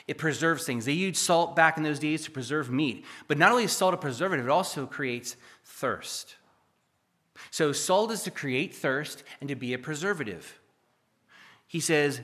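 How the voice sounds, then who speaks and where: Male preacher, fairly high, bright voice, emphatic teaching sermon. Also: lively intonation, moderate pace. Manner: emphatic, reads scripture aloud then explains. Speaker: pastor. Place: church.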